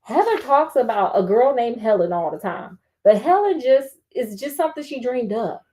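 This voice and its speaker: A woman doing a calm, earnest boy. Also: on the high side, moderate pace, lightly acted. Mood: explaining. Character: earnest boy acting mature and reasonable.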